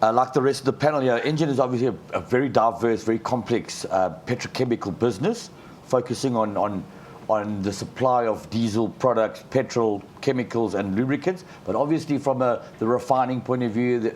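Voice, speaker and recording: A man answering as a company panelist, halting and repeating words. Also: mid-range voice, a little mellow, a little hiss or hum.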